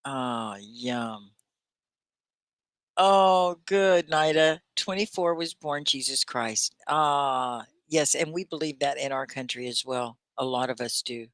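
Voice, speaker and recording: A woman's voice: rumbling low, takes it slowly, dry recording. A woman from Texas, hosting a live online English class, gushing as she reads out viewers' comments. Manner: animated and gushing, reading viewers' comments aloud.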